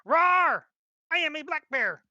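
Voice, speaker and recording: A man playfully voicing a roaring male black bear in a tabletop game, with loud mock growls. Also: extremely high pitch, very animated, a little slow, no room sound, highs cut off, voice pushed up, full character voice.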